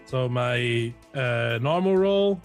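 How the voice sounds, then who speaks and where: A man's voice: mid-range voice, animated, takes it slowly, faint music behind. A man playing in a tabletop game, hesitant and bargaining over his dice rolls. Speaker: player. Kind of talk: casual tabletop chat.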